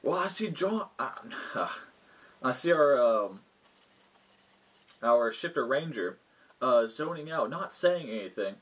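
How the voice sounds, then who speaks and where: A man voicing a pushy dwarf adventurer in a tabletop game, talking in a blustering, hurried way. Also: medium pitch, lively intonation, a bit bright, husky, distant mic, heavily acted. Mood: defensive.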